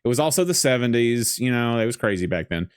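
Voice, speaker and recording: Lively joking man in casual chat. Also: medium pitch, clean tone, dry recording, studio quality. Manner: joking, rambling, quick laughs. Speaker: podcast guest. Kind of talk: casual movie commentary chat.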